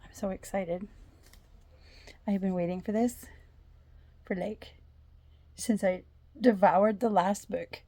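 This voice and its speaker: A woman's voice: medium pitch, fairly even intonation, takes it slowly, long pauses, dark tone, no echo. A woman chatting eagerly at home in a casual reading diary, full of rambling asides. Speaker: book vlogger.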